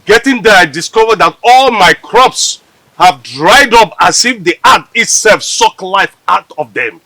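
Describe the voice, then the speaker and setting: An actor with a Nigerian accent playing a worried village elder who talks in an anxious, dramatic, exclaiming way. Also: male voice, high voice, expressive, unhurried, pushed and bright, dry recording, exaggerated voice, low-quality recording. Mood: alarmed.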